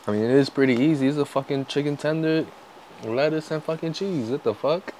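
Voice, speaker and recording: A man's voice: on the high side, fairly quick, slight background noise, poor audio. Profane joking young man. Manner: profane, joking, loud outbursts. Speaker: vlogger. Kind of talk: casual food-tasting chat.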